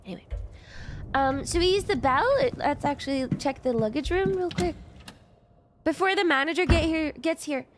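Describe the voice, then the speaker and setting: A woman's voice: high-pitched, moderate pace, background noise. A young woman streamer chatting casually as she plays a game, rambling and answering chat with laughs. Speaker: VTuber streamer.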